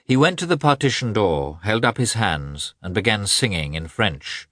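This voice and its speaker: A man with a low voice reading a classic novel as an audiobook. His delivery is expressive and measured, rising and falling widely. The sound is dry and close. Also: no room sound. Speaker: narrator.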